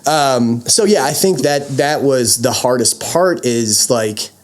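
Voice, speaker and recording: A man's voice: medium pitch, expressive, slow pace. A man co-hosting a podcast, talking openly and reflectively about personal things in casual chat. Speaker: podcast co-host.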